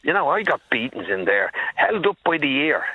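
A Dublin man in his sixties calls in to a radio show over a tinny phone line, emphatically telling a story and addressing the host by name. His voice is fairly high and sing-song with a breathy edge, at normal speed and without echo.

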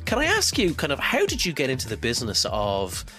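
A man's voice: medium pitch, huge pitch swings, fairly quick, sharp tone, soft background music. A man hosting an interview podcast, chatty and upbeat, sounding congested from a cold. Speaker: podcast host.

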